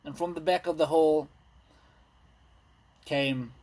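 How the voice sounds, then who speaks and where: A man in his thirties doing a rambling, self-deprecating stand-up set, full of ums and pauses. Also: fairly high pitch, steady tone, a little mellow. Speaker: stand-up comedian. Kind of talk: stand-up set streamed live. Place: indoors at home.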